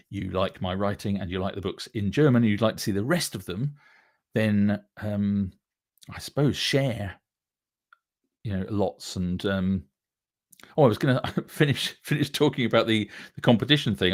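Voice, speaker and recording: A man's voice: on the low side, moderate pace, dry recording, studio quality. A man who writes novels, chatting casually to camera and rambling with many fillers and restarts. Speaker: author. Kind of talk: casual chat.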